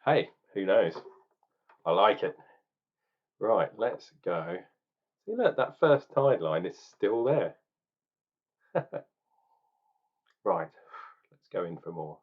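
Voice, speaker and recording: A man's voice: low voice, sing-song, slow pace, pauses often, narrow, tinny audio. A man chatting casually while tasting and reviewing a beer, thinking aloud with ums and restarts.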